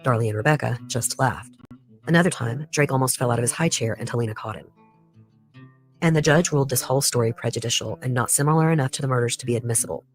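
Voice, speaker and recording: A podcast host reading a scripted true crime case in a measured storytelling way, with pointed personal asides. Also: medium pitch, faint music behind.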